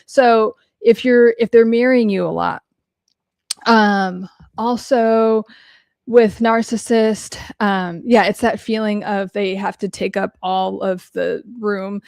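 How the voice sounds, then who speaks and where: A woman speaks slowly in a mid-range voice that's creaky yet smooth, captured in a clean studio with no room sound. As a podcast-hosting mental health coach, she answers questions solo, bluntly and casually, swearing freely, using lots of fillers, and storytelling with animation.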